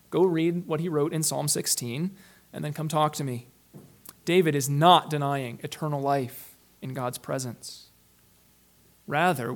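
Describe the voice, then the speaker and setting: Here a man, a pastor, gives a sermon full of conviction. His voice rises into loud emphasis, sinks into soft, low moments, and slows on the lines that matter most.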